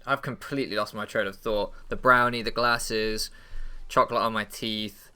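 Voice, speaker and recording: A man's voice: lowish voice, fairly even intonation, normal speed, pushed and bright, clear, resonant tone, faint music behind. A young English man hosting a game channel, rambling in casual chat, swearing freely, stumbling over and repeating his words. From England. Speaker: channel host and league player.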